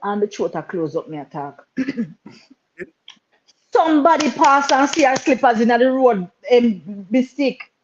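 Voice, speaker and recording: A Jamaican woman co-hosting a live-stream chat. She talks in patois, with emotion, and repeats herself when she gets worked up. Her voice sits fairly high and comes through on dull, lo-fi audio. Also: lively intonation, measured pace, pauses often, a little hiss or hum. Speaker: co-host.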